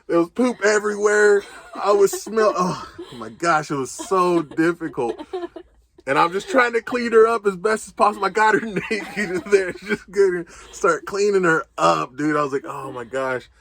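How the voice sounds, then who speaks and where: A young man casually telling a story, animated, laughing, and swearing freely as he goes. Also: sits high, moderate pace. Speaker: co-host.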